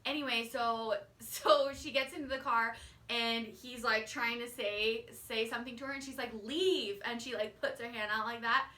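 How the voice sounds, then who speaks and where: A woman's voice: fairly high pitch, fairly even intonation, normal speed, pushed and bright, recorded from a distance. A woman casually recapping a TV finale, rambling with lots of fillers and "like". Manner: rambling with many fillers and likes. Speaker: vlogger recapping a TV show. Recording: echoey room, off-mic.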